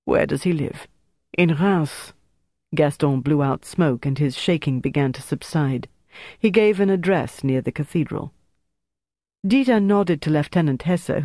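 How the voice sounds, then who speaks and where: An audiobook narrator giving a steady, measured reading of a thriller. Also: mid-range voice, no room sound, studio quality.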